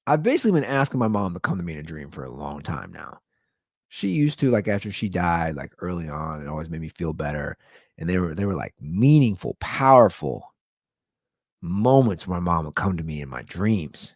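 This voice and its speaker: Man, podcast host, casual comedic storytelling, jumps into high quoted voices, dry sound. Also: very animated, brisk, dry recording.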